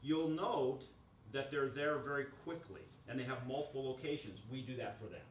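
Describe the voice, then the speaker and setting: A man giving a lively workshop presentation to a room, joking and quizzing the audience. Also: medium pitch, normal speed, a little hiss or hum. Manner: energetic, jokey, asks the audience questions. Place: chamber of commerce meeting room. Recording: echoey room recorded from far off.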